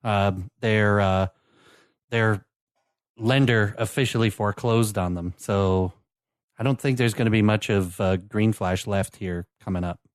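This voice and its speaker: A man co-hosts a casual podcast in a lowish, relaxed voice. He talks haltingly and fills his pauses with "uh." The recording is close and dry. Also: smooth, dry recording. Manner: halting, many fillers, laid-back. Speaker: podcast co-host. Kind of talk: casual chat over beer tasting.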